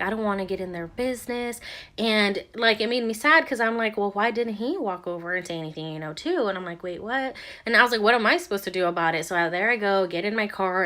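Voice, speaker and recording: Young woman vlogger, mid-pitched, casual rambling storyteller, heavy on fillers. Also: a bit bright.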